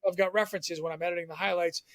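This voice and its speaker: A man from Southern Maine, a former TV sports reporter, telling stories as a podcast guest in an animated, chatty way. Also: sits high, no echo. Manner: animated storyteller, quick and chatty. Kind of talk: casual podcast storytelling.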